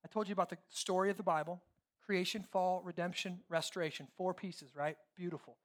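A man preaching a sermon as pastor, animated and emphatic, swinging from hushed lines to loud ones. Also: high voice, fairly quick.

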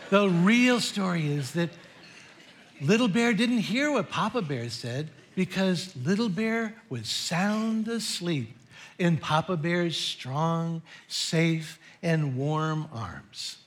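A man's voice: sits high, fairly bright tone. A middle-aged man preaching a sermon as pastor, telling a story in a playful way.

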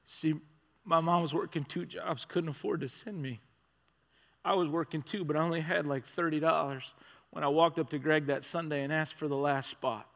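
A man preaching a sermon as a conversational story, swinging from excited and loud to hushed and quiet. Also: on the high side, normal speed, gravelly. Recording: long reverb of a large hall.

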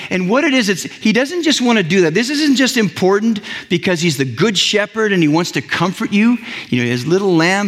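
Male pastor, slightly high voice, earnest conversational sermon, long hall reverb. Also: a bit bright. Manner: earnest, conversational preaching with many restarts.

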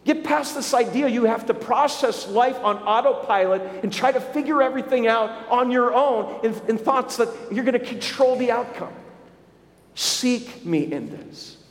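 A man with a high-pitched voice preaches a sermon, putting questions straight to his congregation. His voice rings through a large hall with a long, echoing reverb. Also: moderate pace. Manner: storytelling preacher, speaks directly to the congregation with questions. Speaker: pastor.

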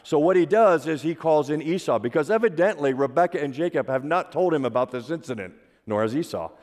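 In a large hall with long reverb, a male pastor delivers a sermon, telling a story in a conversational way and posing rhetorical questions to his audience. His voice has a darkish tone and sits a little high.

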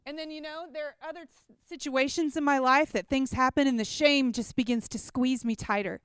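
A woman giving a chatty, animated personal testimony to a gathering, often checking in with listeners. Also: high-pitched, brisk, dry recording, studio quality. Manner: chatty, animated storytelling with props. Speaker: speaker at a church gathering.

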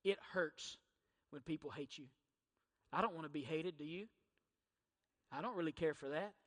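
Pastor, middle-aged man, bright and forceful, repeats lines for emphasis. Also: a little high, normal speed. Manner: emphatic preaching with rhetorical questions and repetition. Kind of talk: sermon. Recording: church hall reverb.

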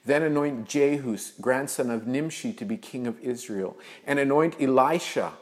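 A preacher voicing a calm, patient divine voice. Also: male voice, mid-range voice, normal speed, close to an everyday voice.

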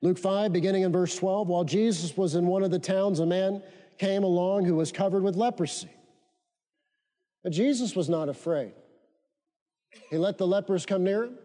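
High-voiced man preaching in a reverberant church. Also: normal speed, long pauses, dark tone. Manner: emphatic repetition, leads congregation in call-and-response. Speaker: pastor. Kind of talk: sermon. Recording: long reverb of a church hall.

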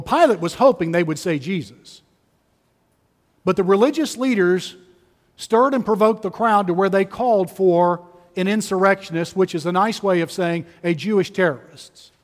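A man's voice: high voice, in a large hall. A man preaching a sermon as pastor, telling the story emphatically and repeating key phrases.

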